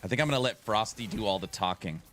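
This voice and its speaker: A man's voice: lowish voice, fast, fairly bright tone, a little hiss or hum. A man chatting casually on a live stream, playful and teasing as he talks back to his viewers.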